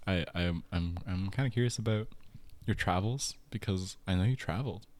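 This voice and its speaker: A man's voice: low-pitched, normal speed, a little mellow. A young man hosting a podcast, talking in a laid-back, self-deprecating way with some hesitation. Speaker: podcast host. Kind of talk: casual chat.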